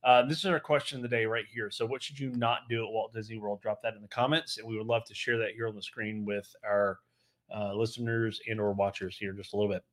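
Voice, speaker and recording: A man's voice: on the low side, steady tone, fast, fairly bright tone. Rambling man co-hosting a travel show. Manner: rambling, many fillers and restarts. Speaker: co-host of a travel podcast. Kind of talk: casual live-stream chat.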